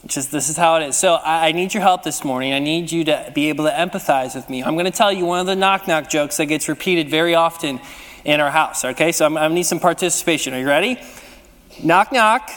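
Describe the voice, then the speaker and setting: A man's voice: a little high, fast, a bit bright. A man in his thirties preaching a sermon as senior pastor, conversational and playful, often repeating phrases. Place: church sanctuary. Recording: church hall reverb.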